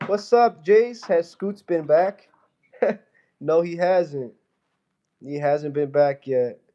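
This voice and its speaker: A man with a slightly high voice talks loosely into his phone on a live stream. He reads viewer comments aloud and answers them one by one, calling people "bro" in a playful, easygoing way. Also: a little mellow. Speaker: fitness streamer.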